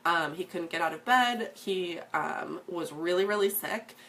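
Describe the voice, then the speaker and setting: A woman in her thirties, a fitness coach, tells her personal story to the camera in a casual testimonial. Her voice sits fairly low with a fairly bright tone, and she speaks unhurriedly, earnestly, with plenty of ums and restarts.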